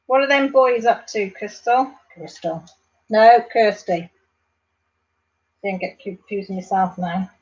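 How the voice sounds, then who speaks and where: A woman's voice: medium pitch, takes it slowly, long pauses, muffled recording. A Welsh woman chatting casually to viewers on a live stream at home, addressing them by name and rambling on. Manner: chatty, warm-hearted, talks to viewers by name. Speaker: vlogger.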